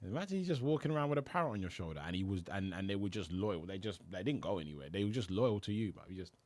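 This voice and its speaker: A man's voice: sits low, animated, rapid-fire, darkish tone, dry recording. A man co-hosting a podcast, bantering and reading out fun facts, laughing often. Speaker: podcast co-host.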